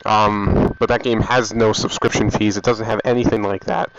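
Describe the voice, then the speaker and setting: In a casual gaming vlog, a man reads viewer comments aloud, rambling and offhand, often restarting his sentences. He's getting sick and uses a headset mic that gives dull lo-fi sound; his voice is on the low side, with fairly even intonation at normal speed.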